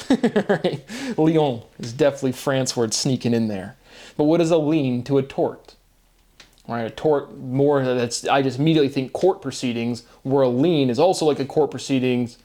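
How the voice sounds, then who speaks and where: A man with a medium-pitched, dark-toned voice hosts a solo video monologue that rambles through free-associating wordplay. He asks himself rhetorical questions, often tags lines with "right?", and chuckles at himself.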